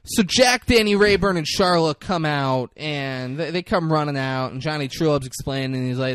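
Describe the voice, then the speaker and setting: A man's voice: on the high side, normal speed, hardly any pauses, fairly bright tone, clean tone, no echo, clean studio sound. A man co-hosting a casual podcast, recapping a film plot in a profane, rambling storytelling way. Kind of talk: casual chat.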